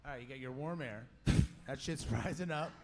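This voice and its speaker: A man's voice: mid-range voice, a little fast, background noise. A man appearing as a guest on a live podcast stage, brash and confident, swearing freely. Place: live music venue stage. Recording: live venue with loud crowd.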